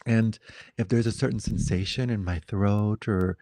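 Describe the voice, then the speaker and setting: A man leading a satsang, speaking in a reflective, gentle way with wandering pauses. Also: fairly low pitch, steady tone, dry recording, clean studio sound. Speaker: satsang teacher. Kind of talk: spiritual dialogue.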